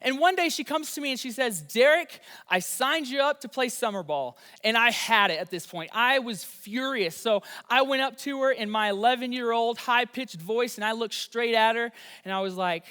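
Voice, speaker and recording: Young male youth pastor, high voice, animated storytelling, reverberant room. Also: moderate pace, hardly any pauses, clean tone. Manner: energetic storytelling. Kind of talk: youth sermon.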